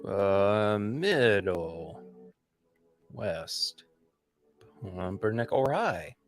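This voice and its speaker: A man's voice: lowish voice, very animated, drawn-out words, faint music behind. A man hosting a casual livestream podcast, chatting enthusiastically through tasting notes and rambling with restarts. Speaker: podcast host.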